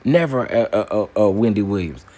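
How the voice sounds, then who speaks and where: A man hosting a casual opinion commentary, emphatic and animated, repeating phrases for punch. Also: lowish voice, brisk. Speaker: commentary channel host.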